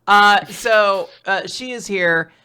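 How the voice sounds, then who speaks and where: A podcast host casually recapping manga chapters, rambling and animated, with frequent asides. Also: mid-range voice, takes it slowly, smooth. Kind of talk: casual chat.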